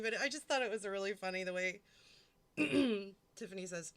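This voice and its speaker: A woman's voice: mid-range voice, normal speed, fairly bright tone. A woman hosting a live stream, chatting casually and rambling, swearing often and laughing between thoughts. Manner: rambling, profane and giggly, reading out chat. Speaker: livestream host.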